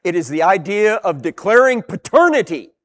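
Animated high-voiced male Bible teacher. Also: normal speed.

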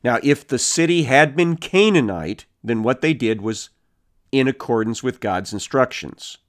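A man teaching through a Bible passage, reading verses aloud and retelling them in casual, animated everyday speech. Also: medium pitch, unhurried. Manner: reads verses, then paraphrases casually with animated character voices.

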